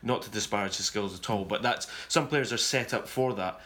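A man hosting a rugby discussion, talking in a measured, thoughtful way and sometimes correcting himself mid-sentence. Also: fairly low pitch, sharp tone. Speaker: rugby podcast host. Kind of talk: casual sports discussion. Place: touring abroad covering a series.

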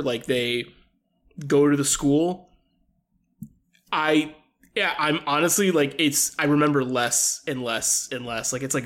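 A male podcast co-host with a voice pitched a little high for a man. He talks casually and hesitantly, fills his sentences with "like" and often trails off mid-thought. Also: fairly bright tone. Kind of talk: casual chat.

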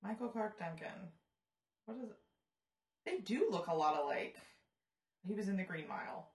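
A woman's voice: mid-range voice, animated, normal speed, a little mellow. Giggly woman co-hosting a chat. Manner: giggly, trails off and restarts. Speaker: podcast co-host. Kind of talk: casual chat.

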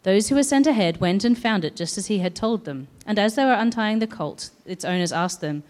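A woman reading a scripture passage aloud in a measured, expressive way. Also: medium pitch. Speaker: scripture reader. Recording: long hall reverb.

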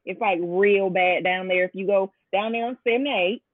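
A woman's voice: mid-range voice, moderate pace, narrow, tinny audio. A woman with an Atlanta accent chatting playfully with friends and laughing easily. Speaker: podcast guest. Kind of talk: casual chat.

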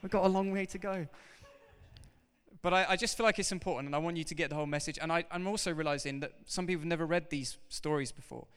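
Animated preacher man in a big hall. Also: fairly high pitch, racing, hardly any pauses, smooth. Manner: animated, emphatic, talks directly to the congregation. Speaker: pastor. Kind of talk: sermon. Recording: reverberant hall.

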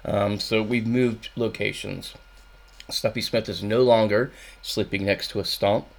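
A man's voice: lowish voice, fairly even intonation, measured pace, vocal fry. A man hosting a music radio show, casually rambling with dry jokes and many ums. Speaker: radio host.

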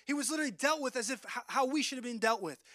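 A man's voice: very high voice, animated, rapid-fire, fairly bright tone, no echo. A man preaching a sermon, earnest and repeating words as he quotes scripture.

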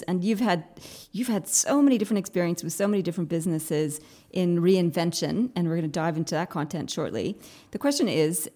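A woman's voice: fairly low pitch, darkish tone. A woman from Canada, hosting a podcast interview in an enthusiastic, upbeat way. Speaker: podcast host.

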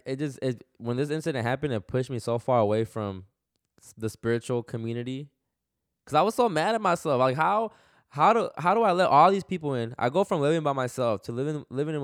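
A man's voice: mid-range voice, no echo, clean studio sound. A man telling a personal story in casual, slangy speech, acting out what people said. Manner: animated, slangy, retells dialogue.

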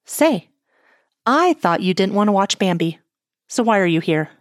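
A woman's voice: medium pitch, sing-song, a little slow, no echo, clean studio sound. A woman reading as a playful, weepy young man. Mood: playful, pleading. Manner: playful and pleading. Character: excitable teasing young man, crush-struck and weepy.

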